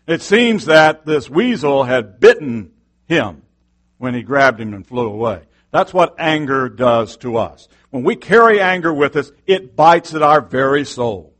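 A man's voice: mid-range voice, expressive, a little slow, a bit bright. A middle-aged male pastor preaching a sermon with passion, firing off rhetorical questions.

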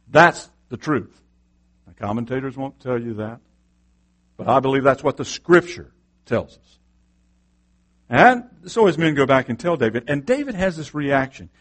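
A man's voice: medium pitch, a bit bright. A middle-aged male pastor preaching a sermon with passion, firing off rhetorical questions.

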